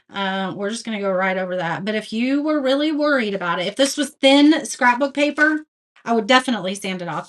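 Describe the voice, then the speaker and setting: A craft livestream host speaks in a high-leaning, fairly bright voice. Casual and chatty, she reads comments from viewers aloud and laughs off her own mistakes, often at her own expense.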